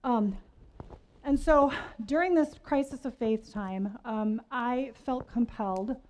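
A woman's voice: on the high side, slow, darkish tone. A middle-aged woman giving a personal storytelling sermon at a faith gathering, chatty and self-deprecating. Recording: slightly muffled recording.

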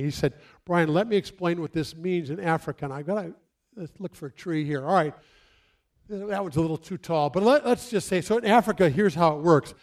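High-pitched male pastor preaching outdoors, acts out his stories. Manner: animated, acts out stories and quotes. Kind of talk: sermon. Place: outdoors near trees.

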